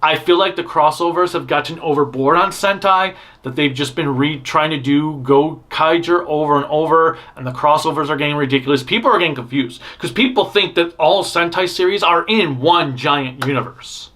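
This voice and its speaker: A man's voice: on the high side, normal speed, few pauses, fairly bright tone. A man hosting a fan news show, rambling through blunt opinions with frequent restarts and self-interruptions. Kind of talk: casual opinionated news commentary.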